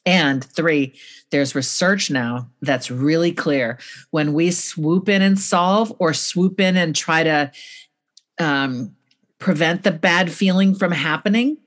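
A woman's voice: deep voice, takes it slowly. A middle-aged woman, an author and guest, speaking in an interview in a blunt and earnest explaining manner. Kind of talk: interview conversation.

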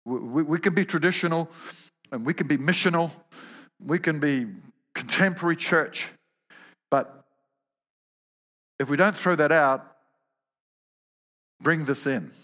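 A man's voice: fairly high pitch, unhurried, pauses often, a bit bright, in a large hall. A man preaching a sermon, telling humorous stories and often repeating words as he goes.

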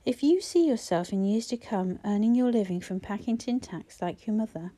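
A woman reading a smooth, calm male teacher. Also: lightly acted. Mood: kindly earnest. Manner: low, smooth, measured. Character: calm, persuasive male schoolteacher.

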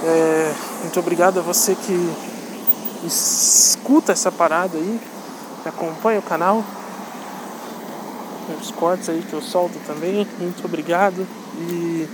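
Laid-back Brazilian man, noisy background. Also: a little high. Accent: Brazilian Portuguese. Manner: laid-back, rambling, profane teasing. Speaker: channel host. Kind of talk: casual outro to viewers.

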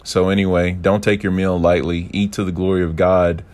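A man's voice: deep voice, little pitch movement, normal speed, darkish tone. Enthusiastic man teaching Torah. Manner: enthusiastic, rambling, playful asides.

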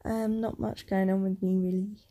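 A woman co-hosting a casual podcast chat, talking hesitantly and in quick bursts about her worries. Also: medium pitch, little pitch movement, warm tone. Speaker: podcast co-host.

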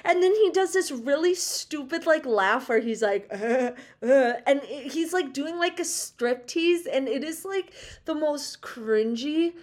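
A woman's voice: high-pitched, animated, measured pace, few pauses. A young woman co-hosting a chatty podcast, gushing and laughing often as she talks. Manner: bubbly, gushing, laughs often, many "like" fillers. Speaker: podcast co-host. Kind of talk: casual chat.

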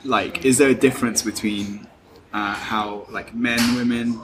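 Laid-back young podcast host. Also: male voice, on the low side, a little slow, noisy background. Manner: relaxed, reflective, says "like" a lot. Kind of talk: casual interview.

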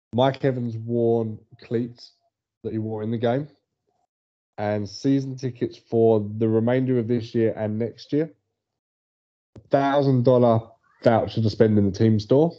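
A man's voice: mid-range voice, fairly even intonation, measured pace, pauses often. A man co-hosting a casual sports podcast, telling stories in a chatty way and laughing often. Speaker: podcast co-host. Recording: dull lo-fi audio.

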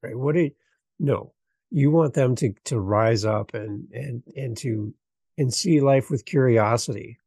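A man hosting a podcast interview, reacting with enthusiasm and talking quickly, repeating words when he gets excited. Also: mid-range voice, breathy edge, no room sound. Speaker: podcast host. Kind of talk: casual interview chat.

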